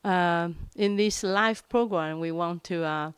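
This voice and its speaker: Halting woman teacher, smooth voice. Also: fairly low pitch, no room sound. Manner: halting, many fillers and restarts. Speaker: Mandarin teacher hosting a live class. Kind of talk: casual live-stream teaching.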